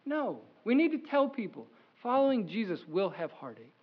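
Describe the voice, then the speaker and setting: A male pastor delivers a sermon in a high voice, driving points home through repetition. The recording is slightly muffled. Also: sing-song, moderate pace. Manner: emphatic, repetitive preaching. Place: church sanctuary.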